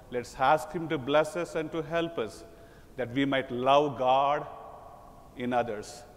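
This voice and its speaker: A man preaching a sermon as a priest, slow and emphatic, voicing quoted lines with dramatic lift. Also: mid-range voice. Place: large church. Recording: long church reverb.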